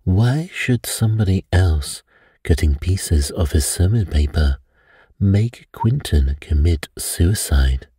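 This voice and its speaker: A man's voice: low-pitched, animated, takes it slowly, warm tone, husky, dry recording, clean studio sound, heavily acted. A man voicing an impatient, blunt male friend and investigator who sounds exasperated, read for an audiobook. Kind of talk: audiobook character reading.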